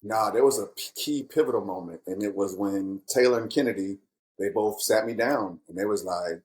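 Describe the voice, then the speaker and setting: A man's voice: lowish voice, normal speed, poor audio. A middle-aged man hosting a casual, heartfelt chat with his grown kids, speaking candidly and reflectively. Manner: candid, reflective, animated when quoting himself. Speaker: podcast host and father.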